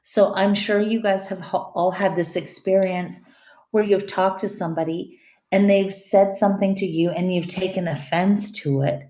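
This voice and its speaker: A middle-aged woman with a warm, mid-range voice lectures her class conversationally at normal speed, her tone steady as she checks in with students. The recording is lo-fi, dull, and echoey.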